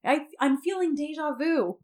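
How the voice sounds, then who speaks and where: A woman's voice: high-pitched, animated, moderate pace, darkish tone, pitched above the performer's own voice. A woman quoting a confident male lead from a drama, teasing and needling. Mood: exasperated.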